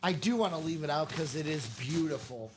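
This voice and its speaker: A man hosting a live card-break stream, hoarse from losing his voice, upbeat and hyping each hit. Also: on the high side, fairly quick, slight background noise. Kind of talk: excited live-stream chat. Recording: music playing behind.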